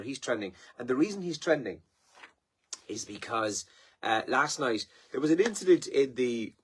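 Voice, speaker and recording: Hosting a live morning radio show, an Irish man casually chats his way through the newspapers and sport, full of fillers, tired and yawning. His voice is mid-range and a bit bright, with a little hiss or hum.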